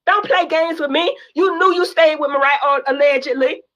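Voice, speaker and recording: Older woman, blunt and profane, emotional podcast guest, high voice, dull lo-fi sound. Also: moderate pace, a bit bright. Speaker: reality TV guest. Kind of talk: heated podcast conversation.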